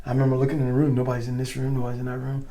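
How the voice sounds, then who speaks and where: Fast-talking gravelly man telling war stories. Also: medium pitch, slight background noise. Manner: animated, acts out quoted voices, swears casually. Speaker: guest, former Green Beret. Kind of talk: casual storytelling interview.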